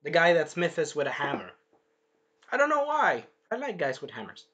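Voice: mid-range voice, huge pitch swings, normal speed, fairly bright tone, lo-fi sound. A reviewer giving a casual spoken episode review, rambling and swearing, with many fillers and restarts. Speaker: show reviewer.

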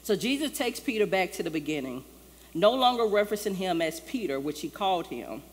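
A woman's voice: fairly low pitch, sing-song, a little fast. A woman pastor preaching a sermon in a loose, conversational way, acting out the lines she quotes. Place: church sanctuary. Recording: long church-hall reverb, faint ambience.

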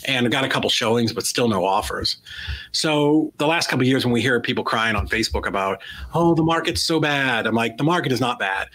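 A man's voice: medium pitch, quick pace, a little hiss or hum, rough recording. A man in his forties, a guest in an interview, telling a story and acting out the lines of the people in it. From United States. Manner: animated storyteller acting out quoted dialogue. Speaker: guest, real estate investor.

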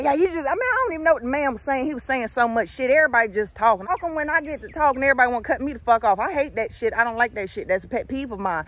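A woman in her thirties telling a story in a casual vlog outdoors, animated and profane, calling viewers honey and y'all. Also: high voice. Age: 30s.

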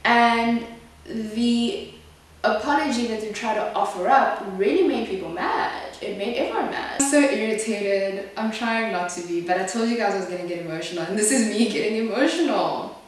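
A woman's voice: fairly high pitch, normal speed. A young woman from South Africa chatting frankly while doing her makeup, her voice rising sharply when she gets upset. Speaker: beauty vlogger. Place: small echoey room. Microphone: camera mic at a distance. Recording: echoey room, distant mic.

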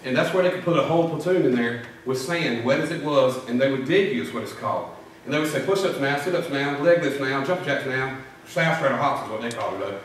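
A middle-aged man preaches a sermon in a church sanctuary, speaking fast in a mid-range voice as he tells folksy stories and slips into drill-sergeant impressions. The recording is echoey and distant, with a faint hiss or hum.

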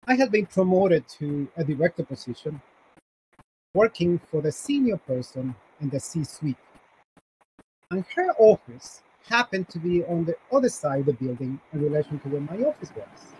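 A man's voice: a little high, a little mellow, a little hiss or hum, poor audio. A man who works as a career and executive coach, giving a conference talk with slides and telling a story with emphatic repetition.

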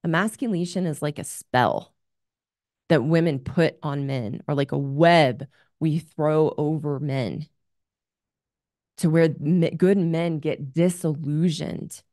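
A woman's voice: low-pitched, takes it slowly, a little mellow, no echo, studio quality. A woman hosting an advice show as a relationship coach, talking in an earnest, candid coaching tone. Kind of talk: advice monologue.

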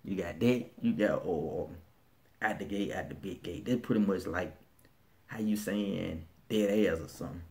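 A man's voice: low-pitched, moderate pace, warm tone. A man with a Birmingham, Alabama accent chatting casually in a vlog, laid-back and slangy, often restarting his sentences. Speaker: vlogger.

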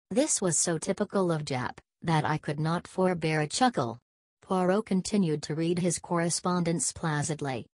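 Low voiced lady reading a novel aloud, steady, very dry room. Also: normal speed, dry recording. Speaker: audiobook reader. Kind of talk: scripted narration.

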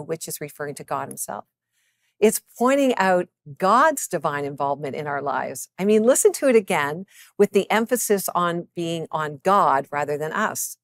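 Earnest woman reading a devotional, lower voice. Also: no room sound, studio quality. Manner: slows down to read scripture passages with deliberate emphasis; earnest, encouraging address to the listener. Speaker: clinical psychologist and author.

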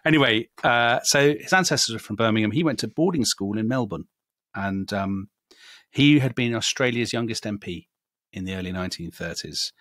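A man's voice: fairly low pitch, lively intonation, normal speed, fairly bright tone, no room sound. Chatty British man, dry sound. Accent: British English. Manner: chatty, storytelling, frequent ums. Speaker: podcast co-host. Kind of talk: casual history chat.

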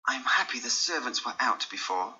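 A man reading an audiobook, voicing a secretive young gentleman who pleads and manipulates. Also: lively intonation, moderate pace, lo-fi sound, a little hiss or hum. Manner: pleading, pitched up high when desperate.

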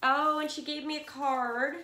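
A woman's voice: high voice, measured pace, reverberant, slight background noise. A middle-aged woman, gushing as she unboxes yarn from a swap and chats to her viewers in a cluttered room at home. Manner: gushing, excitable, talks to viewers as friends. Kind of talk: casual unboxing chat.

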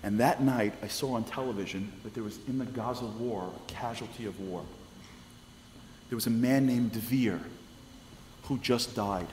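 Man telling stories in a reverberant hall. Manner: lively, acts out the people in his stories with quick shifts of pitch. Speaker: speaker at a congregation lecture. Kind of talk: animated storytelling talk. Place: synagogue hall. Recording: long reverb of a hall, faint noise.

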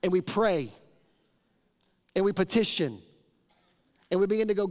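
Middle-aged man, pastor, on a live mic; emphatic, conversational preaching; somewhat higher voice; long sanctuary reverb. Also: expressive, normal speed, pauses often. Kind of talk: sermon. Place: large church sanctuary.

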